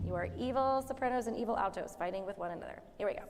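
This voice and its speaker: A woman's voice: medium pitch, very fast, darkish tone. A woman choir director counting in and giving friendly directions to her singers during rehearsal. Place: rehearsal hall. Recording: long hall reverb.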